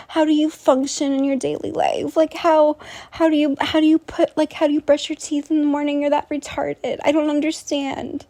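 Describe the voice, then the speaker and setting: A woman with a notably high-pitched voice tells a long, rambling story to her viewers. She sounds incredulous and scornful, and she keeps breaking off to ask her audience questions directly. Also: level tone, moderate pace, warm tone. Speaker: vlogger.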